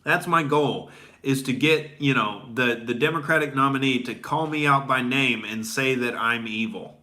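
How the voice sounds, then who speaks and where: A comedian host in a profane, rambling rant, leaning on filler words as he goes. His voice is bright and forceful at a mid-range pitch for a man. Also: normal speed.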